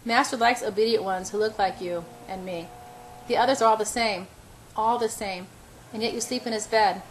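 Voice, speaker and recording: A woman reading the lines of a fragile, unhinged young woman who murmurs in a soft, childlike sing-song. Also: medium pitch, fairly even intonation, moderate pace, slight background noise, natural voice, rough recording. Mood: murmuring.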